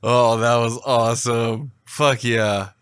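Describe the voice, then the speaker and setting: A man's voice: medium pitch, fairly even intonation, slow, a bit bright, clear, resonant tone, no room sound, clean studio sound. A man co-hosting a podcast, chatting casually, laughing along and wrapping up the episode. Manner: laid-back, laughing along, wraps up the show. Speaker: podcast co-host. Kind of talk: casual chat.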